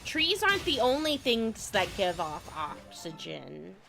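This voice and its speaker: A woman's voice: mid-range voice, big pitch swings, a little slow, creaky, music in the background. A young woman from California chatting casually on a game stream, a bit stuffy from a recent cold, giggly and rambling. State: slightly stuffy, recovering from a cold. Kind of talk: casual gaming stream chat.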